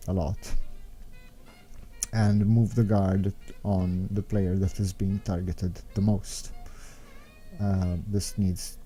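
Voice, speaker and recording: Low, dark-voiced man explaining game tactics. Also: flat delivery, takes it slowly, soft background music. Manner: meandering, explanatory, thinks aloud. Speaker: game strategy guide maker. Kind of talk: unscripted commentary over gameplay footage.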